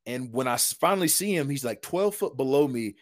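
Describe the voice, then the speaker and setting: Speaking briskly in a mid-range voice, a former football lineman recounts a hunting trip. His telling is loose, lively, and slangy, sprinkled with "dude" and "man."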